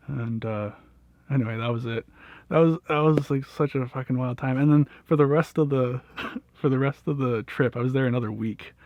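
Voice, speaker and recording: A man's voice: medium pitch, no room sound. A young man telling a personal story in a casual, rambling way, with lots of fillers, swearing and laughter. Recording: dull, dry lo-fi audio.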